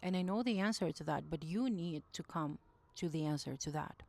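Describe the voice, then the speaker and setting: A woman's voice: deep voice, fairly quick, gravelly, a little mellow. A woman giving intuitive spiritual advice in a casual monologue, speaking earnestly, often searching for words and rephrasing herself. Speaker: intuitive message reader.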